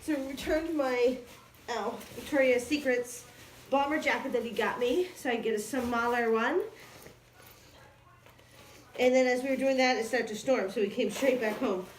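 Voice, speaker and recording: On a handheld phone, an ill vlogger and mom rambles to her viewers and her dog, starting at home and then heading out into the snow. Her voice is on the high side, at a moderate pace with long pauses, and there's a little hiss or hum.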